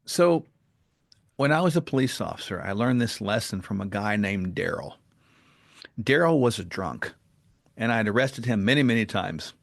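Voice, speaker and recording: A man talking as a podcast guest, telling stories in an earnest and animated way. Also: fairly low pitch, normal speed, gravelly. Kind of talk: casual interview talk and storytelling.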